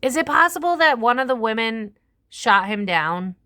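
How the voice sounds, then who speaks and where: This young tarot reader and channel host sounds animated, her voice a little high with a sharp tone and a moderate pace. She chats casually through a psychic reading, swearing openly and doing other people's voices.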